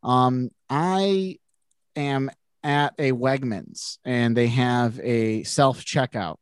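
A man's voice: mid-range voice, very slow, clean tone, no room sound. A man co-hosting a podcast, telling a self-mocking funny story in casual chat and laughing through it. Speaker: podcast co-host.

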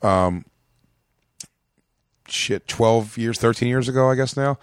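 A man's voice: mid-range voice, slow, smooth, no echo, studio quality. A man with an American accent, a comedian telling a long backstage story in a rambling, profane way on a podcast. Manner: rambling, profane, acts out quotes in a raised voice.

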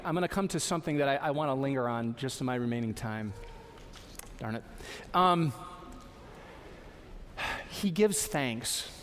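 A man preaching a sermon as a pastor, conversational, with lively asides and acted quotes. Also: medium pitch, big-room sound, slight background noise. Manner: conversational, warm asides, playful voices for quotes.

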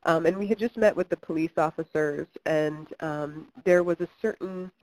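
A chatty young woman from Kentucky, giving an interview about her filmmaking. Her voice sits low, and she talks with plenty of "um"s and restarts. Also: normal speed, a little mellow, low-quality recording. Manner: chatty, many fillers and restarts, laughs often. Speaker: filmmaker guest. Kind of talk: interview conversation.

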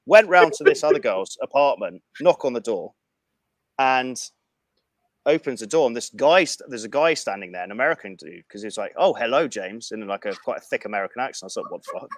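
A man telling a profane anecdote in casual chat, animated and frank. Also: medium pitch, fairly quick, no echo. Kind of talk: casual storytelling.

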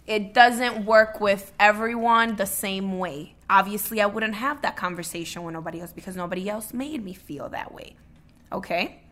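A woman's voice: medium pitch, moderate pace, fairly bright tone. A woman co-hosting a podcast, chatting candidly and often restarting her words. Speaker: podcast co-host. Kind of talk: casual chat.

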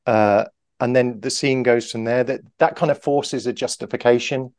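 A man's voice: medium pitch, fairly even intonation, moderate pace, darkish tone, dry recording. Rambling male improv guest, dry sound. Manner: rambling, self-correcting, acts out example lines. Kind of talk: casual interview chat.

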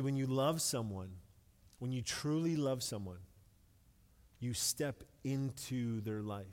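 A middle-aged man preaching a sermon in a relaxed, conversational way, with light self-deprecating humor and words repeated when he stresses a point. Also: mid-range voice. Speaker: pastor. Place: church sanctuary with long reverb. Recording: long hall reverb.

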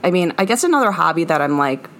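A woman's voice: on the low side, sing-song, quick pace, a bit bright. A young woman co-hosting a casual podcast, rambling with lots of fillers and giggles. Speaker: podcast co-host.

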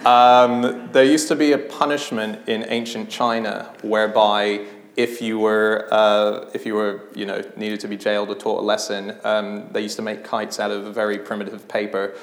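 A man's voice: lowish voice, normal speed. Laughing man telling stories. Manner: animated, laughing storyteller. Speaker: podcast guest. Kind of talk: anecdotal storytelling on a live podcast. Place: live podcast stage in a theatre venue. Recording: roomy live venue with faint noise.

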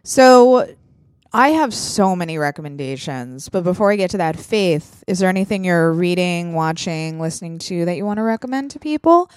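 A woman's voice: fairly low pitch, expressive, normal speed, darkish tone, clean tone, dry recording, clean studio sound. A woman hosting a podcast in casual chat, talking frankly with plenty of fillers and casual swearing. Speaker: podcast host.

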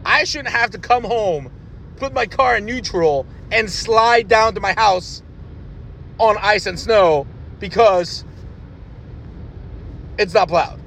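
High-voiced man ranting profanely. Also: takes it slowly, long pauses, fairly bright tone, a little hiss or hum. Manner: blunt, profane, exasperated ranting. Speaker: podcast host. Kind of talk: ranting podcast monologue.

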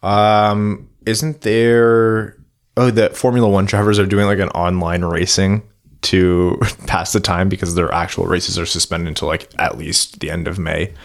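Podcast co-host, male, very low voice, relaxed reader of listener mail. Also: a little slow, gravelly. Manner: laid-back, reads listener messages aloud. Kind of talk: casual chat, reading listener questions.

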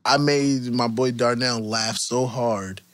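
A man guest on a casual podcast, telling stories from touring with lively, laughing delivery. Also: medium pitch, takes it slowly, dry recording. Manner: animated, laughs through his stories. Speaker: guest musician.

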